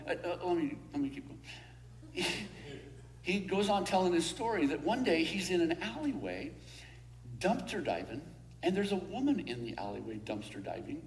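In a church hall, a male pastor with a high voice delivers a sermon, telling a story punctuated by frequent chuckles before shifting into slow, earnest prayer. A little hiss or hum sits in the recording.

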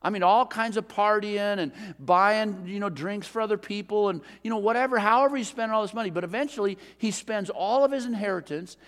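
A middle-aged man preaching a sermon as a pastor, telling a story in a relaxed, conversational way. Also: high-pitched, a little fast, hardly any pauses. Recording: long reverb of a large hall.

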